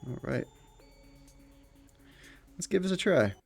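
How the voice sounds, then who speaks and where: A man's voice: a little high, lively intonation, takes it slowly, creaky, darkish tone, faint music behind. A man streaming a game, chatting casually and joking while reading the text aloud. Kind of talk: casual game playthrough commentary.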